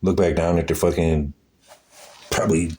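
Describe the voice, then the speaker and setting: A man's voice: sits low, level tone, normal speed, warm tone, slightly rough. A man giving profane, agitated commentary on old photos, exclaiming as he goes. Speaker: video host.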